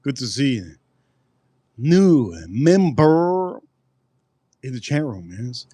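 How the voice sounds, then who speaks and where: A man hosts a casual live stream, talking to his chat about food. He rambles and repeats words as he goes. His mid-pitched voice sounds close and dry. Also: big pitch swings, slow pace, mellow, no echo. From United States.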